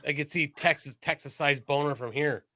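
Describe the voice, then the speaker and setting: A man co-hosting a podcast in casual chat, animated, laughing often and swearing freely. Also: fairly high pitch, normal speed, no room sound, clean studio sound. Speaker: podcast co-host.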